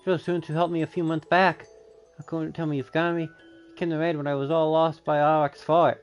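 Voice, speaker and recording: A man voicing a frantic young male civilian searching for a lost friend, with a shrill, wailing delivery that swings between laughing and sobbing. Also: level tone, fairly quick, muffled recording, soft background music, lightly acted. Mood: anxious.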